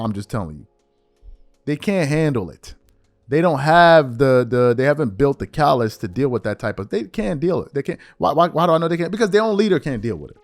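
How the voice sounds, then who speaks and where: A man hosting a sports commentary show, ranting in an animated, mocking way that swings between low mutters and loud outbursts.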